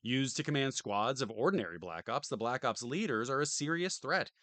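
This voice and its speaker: A man's voice: mid-range voice, animated, fairly quick, a bit bright, no echo. A tired man streaming from home, reading a game manual aloud on a close desk mic and tossing in dry joking asides. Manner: dry, joking asides between read passages.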